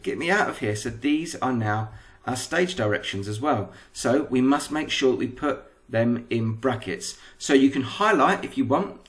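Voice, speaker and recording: English male teacher, patient step-by-step lesson, mid pitch. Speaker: primary school teacher. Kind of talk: recorded lesson explanation.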